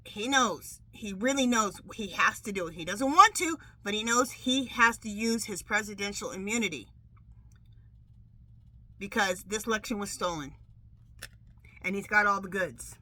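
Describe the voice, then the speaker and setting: A middle-aged woman hosting a casual tarot vlog, chatty and animated, saying "okay?" constantly and laughing often. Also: medium pitch, normal speed, low-quality recording. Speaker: tarot reader and channel host. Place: outdoors at home.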